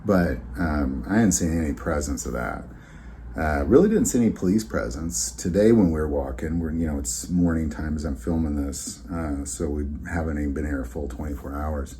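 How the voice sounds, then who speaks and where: A man's voice: rumbling low, lively intonation, normal speed, warm tone, a little hiss or hum. A man hosting his own vlog, telling a story in a rambling, conversational way with many fillers and restarts. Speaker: channel host.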